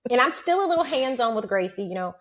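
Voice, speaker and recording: Animated higher-voiced woman co-host. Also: quick pace. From single mother of several children. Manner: animated storyteller, acts out quotes. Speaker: podcast co-host. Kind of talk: casual chat.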